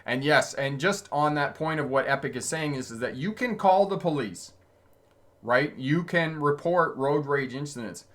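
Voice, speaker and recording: Lively intonation, a moderate pace and a somewhat high, slightly bright voice belong to a man who hosts a driving channel and teaches driving. Chatty and laughing often mid-sentence, he tells road stories on a casual livestream and takes viewers' comments.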